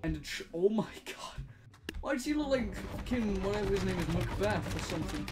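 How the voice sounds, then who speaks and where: A young man giving excitable, casual commentary while playing a video game, often laughing and swearing. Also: sits high, brisk. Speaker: gaming commentator. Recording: music playing behind.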